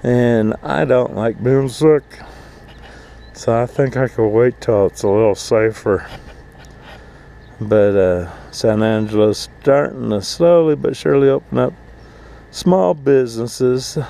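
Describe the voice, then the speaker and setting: A man's voice: medium pitch, slow pace, gravelly, dark tone, poor audio. A man ranting angrily to camera outdoors, swearing constantly and mocking people in put-on voices. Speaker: vlogger, full-time RVer. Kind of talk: profane rant to camera. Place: outdoors at an RV park.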